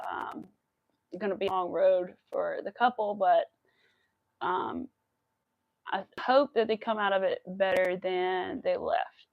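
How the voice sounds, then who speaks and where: A woman's voice: medium pitch, vocal fry, no echo, lo-fi sound. A woman in her thirties hosting a crochet live stream, emotional and near tears, rambling with many fillers. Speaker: crochet livestream host. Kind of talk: casual live stream chat.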